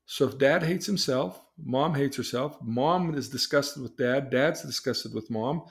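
A man's voice: medium pitch, a little slow, vocal fry. Older male therapist telling a story. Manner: conversational, acts out dialogue in different voices. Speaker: therapist and podcast host. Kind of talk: storytelling podcast talk.

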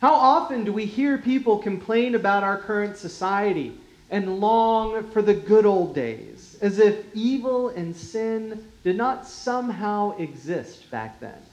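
A pastor giving a sermon in a measured, unhurried way, often dropping softly in volume and chuckling lightly. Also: medium pitch, expressive, highs cut off. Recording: roomy echo.

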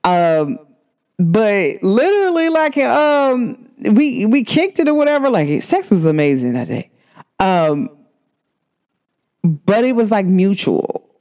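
Talking at a slow pace, a female podcast host speaks to her audience in a chatty, emphatic way, peppering her talk with "like." When excitement hits, her pitch jumps up high.

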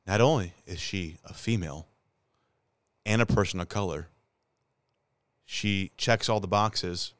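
A man's voice: sits low, unhurried, pauses often, a bit bright, clean tone, no echo. A man hosting a podcast, ranting bluntly and cussing in casual chat. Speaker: podcast host.

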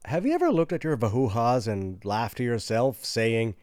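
Animated sarcastic man, dry close sound. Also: medium pitch, moderate pace, hardly any pauses, dry recording. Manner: sarcastic, animated, jumps between loud and hushed. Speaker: comedic monologuist. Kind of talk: satirical comedy monologue.

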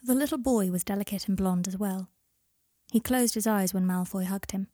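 In clean studio sound with a dry recording, a woman with a mid-range voice reads a story aloud at a moderate pace. As an audiobook reader delivering scripted narration, she keeps a calm, even storytelling style.

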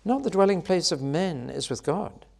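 A man with a gravelly voice preaches at normal speed, expressive throughout. He climbs to loud, high exclamations and falls back again to soft, quiet lines.

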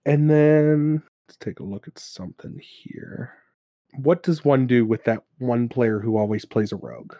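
A man telling stories from his tabletop games on a podcast. He is animated, laughs often and slips into character voices. His voice sits mid-range and the sound is dry and close. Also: mid-range voice, a little slow, dry recording, muffled recording. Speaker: podcast co-host and game master. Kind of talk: casual chat about tabletop games.

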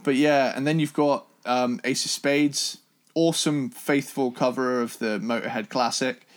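Man co-host, easygoing album chat, excitable, loose and meandering delivery. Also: mid-range voice, measured pace. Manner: enthusiastic, rambling with restarts and swearing. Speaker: podcast co-host. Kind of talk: casual music review chat.

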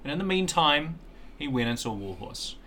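A man's voice: a little high, sing-song, normal speed, sharp tone, a little hiss or hum. A young man co-hosting a film podcast, chatting casually and playfully, with theatrical asides to the listener. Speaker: podcast co-host. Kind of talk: casual chat.

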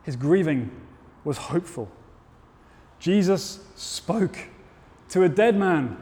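A man preaching a sermon, telling the story in a measured way and rising to loud, emphatic peaks. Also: fairly high pitch, lively intonation. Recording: long hall reverb.

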